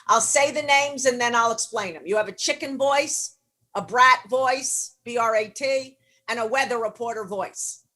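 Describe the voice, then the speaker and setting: A woman's voice: on the high side, normal speed, pushed and bright. A middle-aged woman coaching on leadership, teaching in a blunt, emphatic way with casual swearing. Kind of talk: motivational teaching session.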